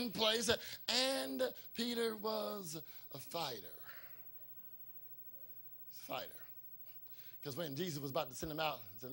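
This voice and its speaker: Man, preacher, sermon, very high voice, bright edge, storytelling, bursts of shouting. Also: gravelly. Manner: storytelling preacher acting out dialogue, swings from quiet to shouting. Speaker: pastor. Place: church sanctuary.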